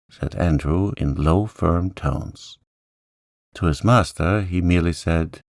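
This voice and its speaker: A man reading a storybook aloud in a calm, gentle sleep-story manner. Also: no room sound, clean studio sound. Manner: gentle, slow, lifts pitch for characters' lines.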